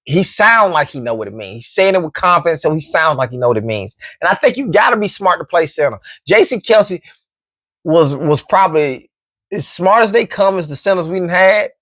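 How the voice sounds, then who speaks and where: A man's voice: a little high, big pitch swings, brisk, fairly bright tone, no echo, studio quality. A man hosting a casual football commentary show, laid-back and joking. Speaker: sports commentary host.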